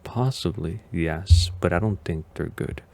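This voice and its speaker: A man's voice: low voice, measured pace, darkish tone. A man hosting a casual video reaction as a vtuber, talking in a hesitant, rambling way and often sounding unsure.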